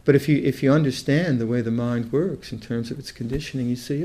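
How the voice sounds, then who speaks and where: An older man teaching meditation in a mellow, relaxed voice, thinking aloud as he goes. He starts phrases over and over before settling into his point, in the unhurried manner of a dharma talk. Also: mid-range voice. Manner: thoughtful, halting, with many restarts.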